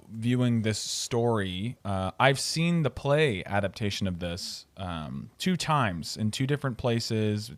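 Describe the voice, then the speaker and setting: A man's voice: mid-range voice, no room sound. A man hosting a film podcast, explaining his thoughts at length in a casual, articulate way. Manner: articulate, explanatory, some fillers. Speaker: podcast host.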